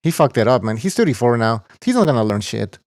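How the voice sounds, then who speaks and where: A man's voice: mid-range voice, big pitch swings, quick pace, a little mellow, no echo, clean studio sound. A man hosting a boxing podcast, blunt and scoffing, cursing freely as he talks casually. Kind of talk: casual profane boxing talk.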